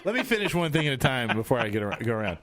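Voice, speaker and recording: A man's voice: mid-range voice, sing-song, rapid-fire, fairly bright tone. A man hosting a casual studio chat show, rambling and restarting his sentences often. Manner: rambling, trailing off, many restarts. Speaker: podcast host. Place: radio studio.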